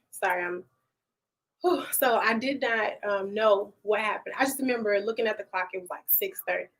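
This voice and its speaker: Animated, heartfelt woman guest. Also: mid-range voice, moderate pace, breathy edge, low-quality recording. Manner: animated storytelling with laughs; emotional, heartfelt. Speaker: podcast guest. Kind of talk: casual interview chat.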